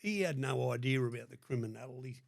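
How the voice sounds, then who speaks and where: Older aussie bloke, gravelly voice, blunt and sweary, dry close sound. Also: male voice, mid-range voice, fast talker, dry recording. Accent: Australian. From Sydney, Australia. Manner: blunt, heavy swearing, acts out quoted dialogue. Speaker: podcast guest. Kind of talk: casual storytelling.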